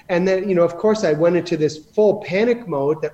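A man's voice: high voice, brisk, hardly any pauses, dark tone, lo-fi sound. A man telling rambling stories about running his business in a casual interview, with many restarts. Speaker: guest.

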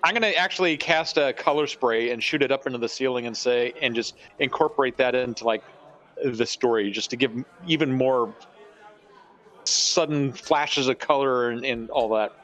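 A man's voice: mid-range voice, normal speed, fairly bright tone. Male player, hesitant, muffled lo-fi audio. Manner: thinking aloud, hesitant. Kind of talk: tabletop game chat.

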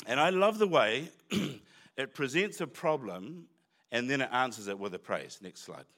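A man's voice: medium pitch, expressive, unhurried, fairly bright tone. A man preaching a sermon in church, talking conversationally with asides and restarts. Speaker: pastor.

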